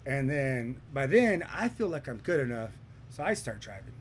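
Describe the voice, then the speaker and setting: Young man, casual storyteller, profane and animated, faint room noise. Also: medium pitch, moderate pace. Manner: profane, animated, swears a lot. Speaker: podcast storyteller.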